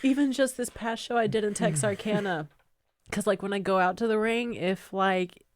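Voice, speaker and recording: A woman who co-hosts a podcast and wrestles professionally tells stories in a casual studio chat, animated and laughing often. Her voice is mid-range and her pace moderate.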